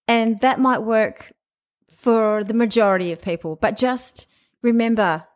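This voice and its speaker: Speaking at a measured pace with a voice on the high side, a middle-aged podcast host and sales trainer delivers a casual monologue. She gives frank, chatty sales advice, with an occasional laugh.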